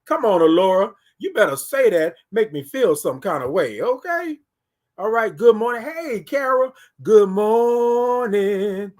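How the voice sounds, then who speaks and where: A man hosts a casual morning livestream. His voice sits high, and he talks to the viewers in an animated way, reading their comments back to them. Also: moderate pace. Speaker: livestream host.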